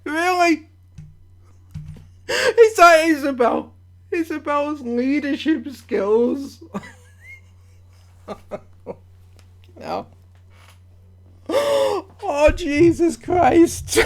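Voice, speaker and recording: A woman recording reaction commentary at home, her pitch leaping up and down as her exasperation builds. She talks slowly and deliberately, swears freely, and keeps breaking into incredulous laughter. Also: very animated. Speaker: online commentator.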